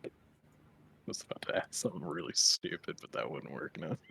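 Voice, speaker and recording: A man's voice: a bass voice, a little fast, vocal fry, pushed and bright, slight background noise. A man playing in a tabletop game, chatting casually and swearing while he schemes. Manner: profane, scheming, laid-back. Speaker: player.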